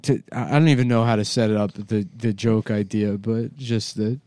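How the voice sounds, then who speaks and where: A man's voice: lowish voice, steady tone, moderate pace, mellow, no echo. Rambling male podcast co-host, dry sound. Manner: rambling, restarts often while building a bit. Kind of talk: crude comedy podcast banter.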